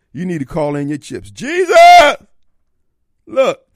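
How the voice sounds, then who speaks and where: Male radio host; folksy, theatrical monologue, pitch bounding all over, a touch high. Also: huge pitch swings, slow pace, long pauses, no room sound, clean studio sound. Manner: theatrical, folksy, slips into voices and asides. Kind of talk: opinionated talk radio monologue. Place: radio studio.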